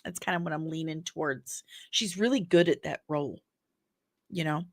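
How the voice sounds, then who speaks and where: A woman's voice: sits low, moderate pace, no echo, studio quality. A woman hosting a casual entertainment news show, chatty and rambling with jokey asides. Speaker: host.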